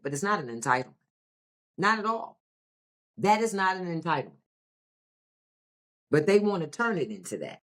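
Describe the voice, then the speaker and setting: A woman's voice: medium pitch, darkish tone. American woman, podcast host, solo political commentary, emphatic and repetitive, mid-range voice. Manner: emphatic, repeats phrases for effect; rhetorical questions and asides.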